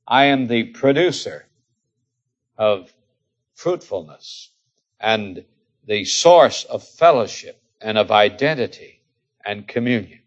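A man delivers a sermon at a slow, deliberate pace, pausing for effect. He leans hard on key words, then drops suddenly to quiet, hushed asides. The recording is dull and lo-fi, like an old sermon tape. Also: medium pitch, lively intonation. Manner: slow, emphatic preaching with dramatic pauses and dropping to quiet asides. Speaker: preacher.

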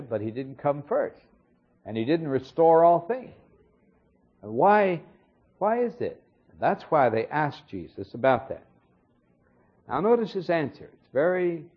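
Husky-voiced man teaching from the Bible. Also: mid-range voice. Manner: measured, explanatory, with occasional fillers. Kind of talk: expository sermon. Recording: dull lo-fi recording.

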